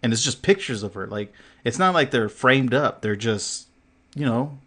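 Co-hosting a podcast, this man has a medium-pitched, slightly bright voice with lively intonation and a moderate pace. His storytelling is casual and loose, full of filler words, cursing and laughs, with impressions of what others said.

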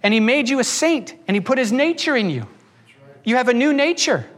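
A pastor preaching a sermon from the pulpit. He is a man with a fairly high voice, and he keeps changing his pace. He slips into little acted-out voices for the people he quotes. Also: very animated, fairly bright tone. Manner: preaching with quick shifts between pace and pitch, acting out voices.

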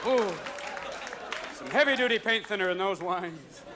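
A man performing live stand-up comedy, talking fast and darting between silly voices. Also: sits high, very animated. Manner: rapid-fire, jumps between silly voices and characters. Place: theater stage before an audience. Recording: live show with loud crowd laughter and hiss.

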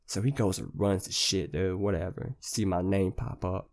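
A man's voice: deep voice, moderate pace, gravelly, darkish tone. A young man hosting a podcast, telling a rambling story in casual, slang-heavy, profane talk. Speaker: podcast host.

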